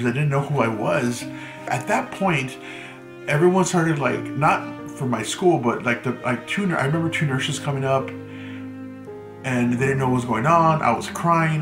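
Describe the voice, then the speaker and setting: A man with Mexican roots telling a story from his teen years in a casual storytime vlog, chatting loosely with lots of "like". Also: mid-range voice. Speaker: vlogger. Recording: echoey room with music behind. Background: background music.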